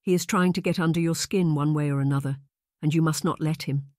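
A narrator voicing a composed, sharp-tongued young lady who speaks flat and measured. Read close and dry as an audiobook character. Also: mid-range voice, dry recording, lightly acted.

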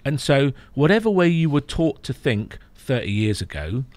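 A man coaching and explaining on a podcast, emphatic, often checking in with a quick "right?". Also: medium pitch, big pitch swings, darkish tone. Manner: emphatic, explaining, frequent "right?" tag questions. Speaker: therapy programme coach. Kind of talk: podcast guest conversation.

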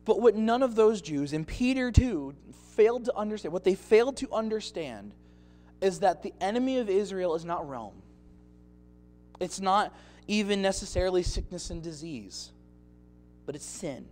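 A man's voice: high voice, expressive, normal speed, a little mellow. A male pastor preaching a sermon expressively, acting out scenes from the text.

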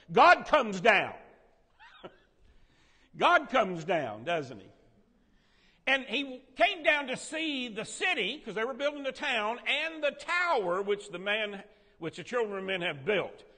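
A man leads a Sunday school Bible lesson, his voice high and bright with big swings in pitch. He asks the class questions and jokes with them. The long reverb of a church room trails behind him. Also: moderate pace. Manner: animated, quizzes and jokes with the class.

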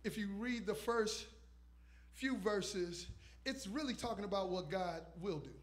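Brief: man, 50s, pastor, sermon delivery, high voice, emphatic repetition. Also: a little slow. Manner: emphatic preaching with repetition and call-outs.

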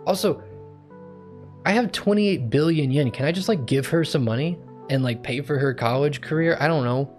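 A man's voice: fairly high pitch, moderate pace, a little mellow, faint music behind. Chatty young man streaming a game. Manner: rambling, chatty. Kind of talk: casual gameplay commentary.

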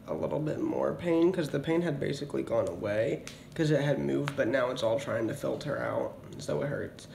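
An ill young vlogger waiting for kidney surgery grumbles dramatically into his phone in a hospital room, cursing and filling gaps with fillers in a casual rant. His voice is on the high side with vocal fry and a darkish tone, with slight background noise.

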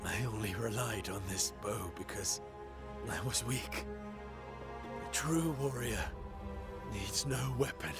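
A defeated warrior archer in a video game, his voice low and gravelly as he admits his weakness. He speaks slowly and solemnly, and loud game music swells behind him. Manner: solemn, measured. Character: proud weary male warrior archer, defeated.

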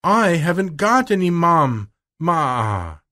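Storybook figure: tiny spoiled girl, whiny and tearful, high-pitched , put on by a male reader. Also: sing-song, measured pace, a bit bright. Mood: wailing. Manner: whiny, sobbing. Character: spoiled wailing little girl.

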